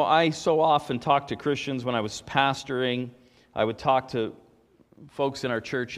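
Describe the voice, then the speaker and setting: A man preaching a sermon, telling stories with emphatic swings between loud and soft. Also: mid-range voice, big-room sound. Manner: storytelling, emphatic, rises and drops in volume.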